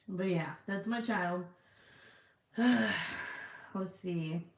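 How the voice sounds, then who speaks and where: A woman's voice: fairly low pitch, gravelly. Blunt, profane woman chatting from an echoey room. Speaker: live stream host. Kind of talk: casual live chat, reading viewer comments. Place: cold room at home.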